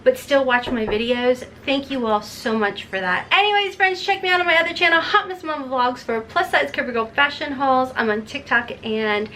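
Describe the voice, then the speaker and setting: Woman beauty vlogger, chatty and rambling, a touch high-pitched, faint room hiss. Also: moderate pace, few pauses, fairly bright tone. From Kentucky. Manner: chatty, rambling, self-deprecating. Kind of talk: casual makeup tutorial chat.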